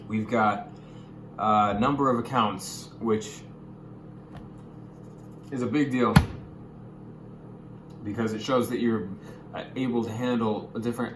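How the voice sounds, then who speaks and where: Young man, casual vlog explainer, goofy bursts, roomy echo, faint hum behind. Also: mid-range voice. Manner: goofy, hyper bursts, calls viewers gamers. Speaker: YouTuber.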